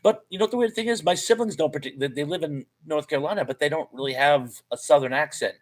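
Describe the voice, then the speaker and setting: A man's voice: a little high, fast, poor audio. Chatty man in his fifties hosting a stream. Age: 50s. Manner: chatty, laughing often, reading comments aloud. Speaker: live stream host. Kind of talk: casual live-stream chat reading viewer comments.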